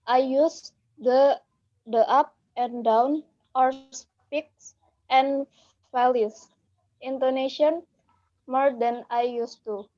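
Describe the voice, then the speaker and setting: A woman student reading a paragraph aloud in a halting, careful way. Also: high-pitched. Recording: dull lo-fi audio.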